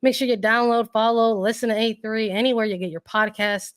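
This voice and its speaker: A woman co-hosting a casual sports podcast, hoarse and losing her voice, who often clears her throat and repeats words while she thinks. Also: on the high side, steady tone, a little fast. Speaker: podcast co-host.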